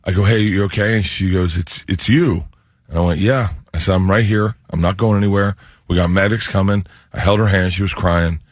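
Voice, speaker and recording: A comedian guest in a radio studio, rambling through self-mocking stories and laughing often. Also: male voice, low voice, steady tone, fairly quick, no echo. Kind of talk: storytelling in a radio studio interview.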